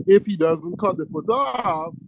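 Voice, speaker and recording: A middle-aged man with a lilt teaches medicine to exam students in a high, lively voice. He leans on key words and keeps asking "right?" The sound is close and dry. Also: measured pace, no echo, poor audio. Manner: emphatic, repeats key words, checks in with "right?". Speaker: medical lecturer. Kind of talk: exam-prep lecture to students.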